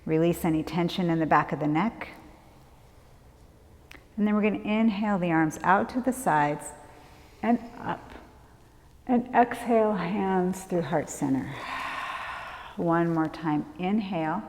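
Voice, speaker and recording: A woman leading a prenatal yoga class, giving calm, gentle movement and breath cues. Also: lowish voice, a little slow, long pauses. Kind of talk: guided yoga class instruction. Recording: long hall reverb.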